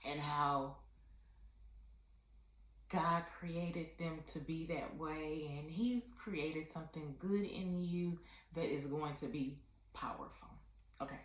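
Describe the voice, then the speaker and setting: A woman vlogger telling a candid personal testimony in a heartfelt, halting way with many pauses and fillers. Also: sits low, fairly even intonation, reverberant, low-quality recording.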